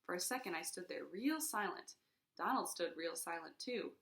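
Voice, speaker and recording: Gravelly woman reading a storybook aloud. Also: on the low side, moderate pace, roomy sound. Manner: expressive, sound effects voiced aloud. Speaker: reader. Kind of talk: reading a children's chapter book aloud.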